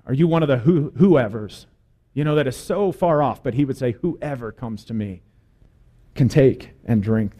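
A man's voice: medium pitch, normal speed, mellow. A man preaching a sermon as pastor, putting earnest, direct questions to his congregation.

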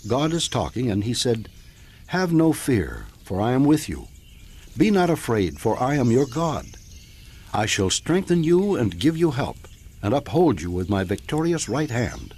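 A man's voice: medium pitch, sing-song, unhurried, a little mellow, husky, exaggerated voice. An actor playing a patient, reassuring older man in an audio drama, speaking in a soothing, fatherly way. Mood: gentle. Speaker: kindly mentor.

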